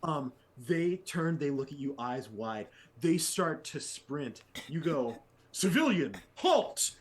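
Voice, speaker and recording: A man's voice: medium pitch, slow. Rambling male game master. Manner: rambling, full of fillers. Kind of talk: narrating a tabletop game.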